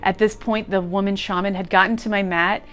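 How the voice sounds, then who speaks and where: A woman telling an emotional personal story as a guest, earnest and moved, sometimes laughing through tears, over soft music. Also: mid-range voice, steady tone, fairly quick. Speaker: guest sharing a retreat testimonial.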